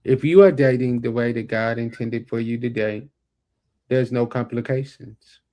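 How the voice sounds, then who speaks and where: A man's voice: mid-range voice, steady tone, moderate pace, mellow. A man co-hosting a podcast, talking emphatically and repeating his points. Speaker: podcast co-host and executive producer. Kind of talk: casual podcast chat.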